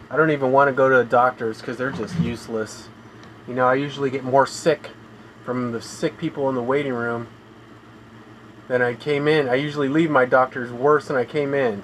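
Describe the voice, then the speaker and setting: A man talking in a flat, weary monotone on a casual live stream from his home room, sounding tired and in pain as he complains. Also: mid-range voice, slight background noise, poor audio. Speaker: gaming streamer.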